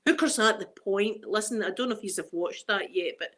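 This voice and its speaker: A woman's voice: mid-range voice, a bit bright. A middle-aged Scottish woman hosting a casual livestream chat, rambling through stories and laughing often. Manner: rambling, storytelling, quick to laugh. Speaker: livestream host.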